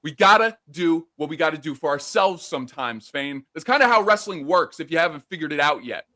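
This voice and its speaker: A man's voice: fairly high pitch, expressive, brisk, sharp tone. A man, a professional wrestler, trading in-character trash talk in a taunting, profane, lecturing way.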